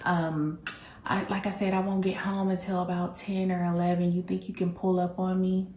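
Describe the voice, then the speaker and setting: Woman doing a tired whiny trucker boyfriend guy, mopey and begging, kinda low, roomy echo. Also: little pitch movement, moderate pace, darkish tone, lightly acted. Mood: mopey pleading. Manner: mopey, pleading, trying to sound sad. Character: tired, whiny young adult male truck driver boyfriend.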